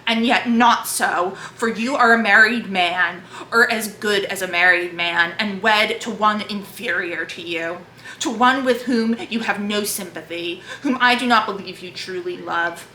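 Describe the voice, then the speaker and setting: A woman's voice: medium pitch, unhurried, pushed and bright, a little hiss or hum. A woman reading aloud as a proud, defiant young governess, firm and impassioned. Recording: echoey room.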